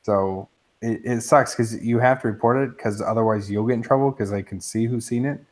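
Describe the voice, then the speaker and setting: A man co-hosting a casual live-streamed hobby talk show, excitable and joking. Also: fairly low pitch, a little fast. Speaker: podcast co-host.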